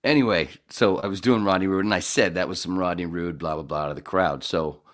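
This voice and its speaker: A man chatting casually and rambling, halting and restarting often as he looks back on his comedy set. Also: sits low, a bit bright. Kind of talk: casual chat.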